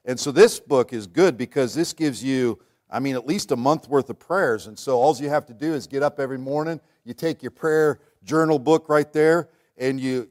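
A man preaching a sermon in a church, folksy and joking, swinging between loud readings and quiet asides. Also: mid-range voice. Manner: folksy, humorous preaching with dramatic shifts in loudness and pace. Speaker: pastor.

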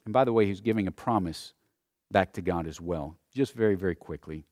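A man's voice: sits low, brisk, darkish tone, no room sound, studio quality. A male pastor preaching a sermon and reading Scripture aloud, building to emphatic, rising peaks.

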